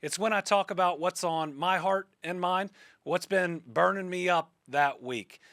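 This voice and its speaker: A podcast host with a Kentucky accent questions a guest, then moves into spoken commentary, growing earnest and fired-up about a political issue. His voice is high-pitched and a bit bright, a little slow, recorded dry at studio quality.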